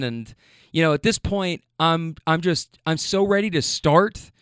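Rambling man telling a story, smooth voice. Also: a little high, a little slow, a bit bright, dry recording, studio quality. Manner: rambling with fillers, stammers and swearing. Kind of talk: casual storytelling.

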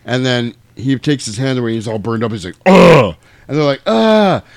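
A mid-pitched man recaps a film in easygoing talk, jumping into lively impressions of the characters as he goes. His speech is loose and peppered with swearing. The sound is close and dry, with no room around it. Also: quick pace, no echo. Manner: animated storytelling, acts out quotes, swears freely. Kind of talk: casual movie recap chat.

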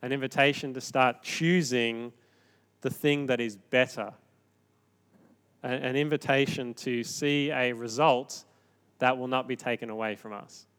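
A man preaching a sermon in a conversational, animated way, moving between quiet reflection and emphatic points. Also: mid-range voice, measured pace, smooth. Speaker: pastor.

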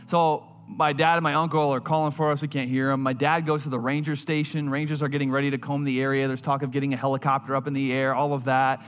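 A man preaching a sermon, telling a personal story in an earnest voice that drops low and quiet at tender moments. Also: level tone, fast talker, hardly any pauses, clear, resonant tone, long reverb tail.

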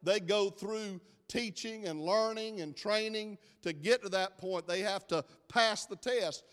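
Man, middle-aged, pastor, sermon, folksy and joking, high voice, long church reverb. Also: unhurried, fairly bright tone, smooth. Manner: folksy, chatty, jokes with the congregation. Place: church sanctuary.

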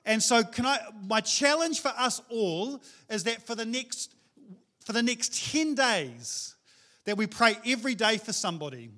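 A middle-aged man, preaching a sermon in a casual, animated storytelling way with slang. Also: very high-pitched, unhurried. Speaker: pastor.

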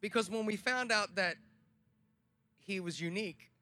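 A young man preaches at a festival, his very high voice bright and pressing. He moves from quiet storytelling to loud, emphatic calls to the crowd. The sound is close and dry. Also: normal speed, dry recording. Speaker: speaker at a Christian festival. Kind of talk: sermon.

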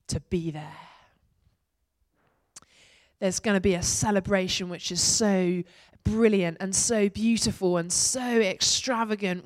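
A woman preaching a sermon, reading scripture aloud expressively and lifting her voice for the shouts of praise. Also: on the high side. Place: church.

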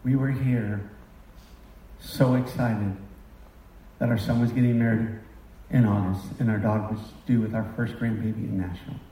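A man's voice: lowish voice, dark tone, a little hiss or hum. Emotional preacher man in a roomy hall. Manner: emotional, confessional, rising to impassioned outbursts. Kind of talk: sermon. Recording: roomy sound from a distance.

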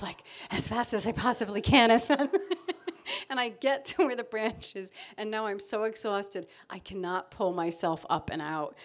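A middle-aged woman telling a self-mocking story live on stage before an audience, acting out her own panic. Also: mid-range voice.

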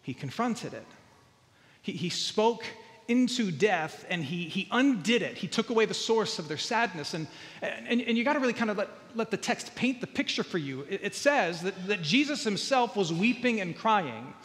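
A man's voice: high voice, big pitch swings, moderate pace, a bit bright, big-room sound. A man preaching a sermon, earnest, often repeating words and building to emphatic peaks. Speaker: pastor.

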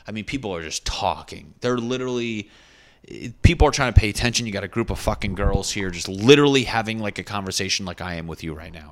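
A young man, a stand-up comedian, casually telling a rambling, profane story and often correcting himself. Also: lowish voice.

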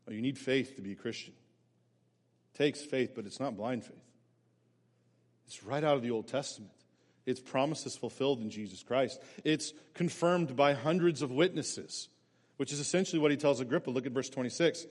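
A man preaching a sermon as pastor, animated and emphatic. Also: mid-range voice, normal speed, long reverb tail. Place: church sanctuary.

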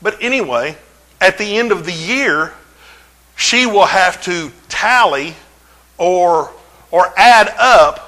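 A middle-aged man, preaching a folksy, humorous sermon in a church with drawn-out emphasis. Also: sits high, pushed and bright, poor audio. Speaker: pastor.

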